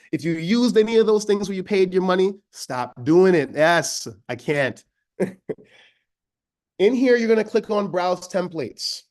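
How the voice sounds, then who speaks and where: A high-energy man with a Jamaican accent runs an online teacher training, chatty and eager, calling his listeners friends. His voice sits on the higher side for a man. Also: a little mellow. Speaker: educator giving an online training. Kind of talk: energetic webinar demo.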